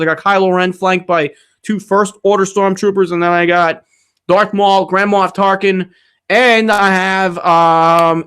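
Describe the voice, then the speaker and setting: A smooth, high voice with a fairly bright tone belongs to this livestream host, who uses a streaming setup mic. Reading viewer questions in his casual Q&A, he answers with profane, rambling rants.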